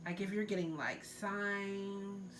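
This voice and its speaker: A woman talks through a tarot reading in a loose, filler-heavy way, earnestly pressing her listeners to let things go. Her voice sits at an ordinary middle pitch. A faint hiss runs under the recording. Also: fairly even intonation, slow. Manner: loose and filler-heavy, many likes and ums. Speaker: tarot reader. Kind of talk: casual spiritual tarot reading.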